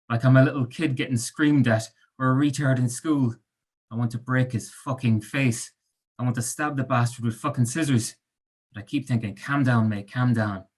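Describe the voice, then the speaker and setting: A male author who talks calmly and thoughtfully with some fillers, then reads his own story aloud. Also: mid-range voice, slightly rough. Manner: calm, thoughtful, halting with fillers when chatting.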